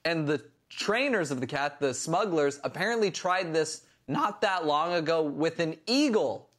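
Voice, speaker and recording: A mid-pitched man with a slight Valley accent banters as a chat show co-host. He jokes his way through long, rambling anecdotes and drops "like" often. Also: animated, unhurried, a bit bright. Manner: joking, rambling anecdotes, lots of "like". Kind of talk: casual chat.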